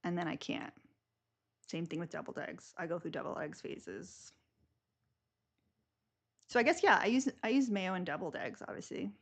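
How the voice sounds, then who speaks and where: A woman's voice: lowish voice, animated, normal speed, creaky, pauses often. A young woman hosting a live stream, chatting casually and rambling with lots of filler words.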